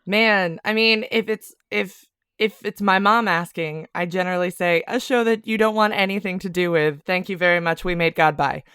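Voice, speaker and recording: A woman's voice: fairly low pitch, steady tone, normal speed, a bit bright, clear, resonant tone, no room sound, studio quality. A woman guest from California chatting on a podcast, laughing easily and rambling with fillers. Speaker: guest TV writer. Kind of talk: casual podcast chat. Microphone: remote mic.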